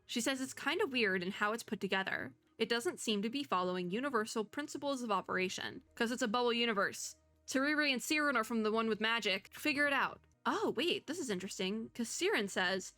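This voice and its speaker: A young woman streaming a game, thinking out loud in a chatty way and reading the dialogue aloud. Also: fairly high pitch, normal speed, faint music behind. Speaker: VTuber gamer. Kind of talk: casual gameplay commentary.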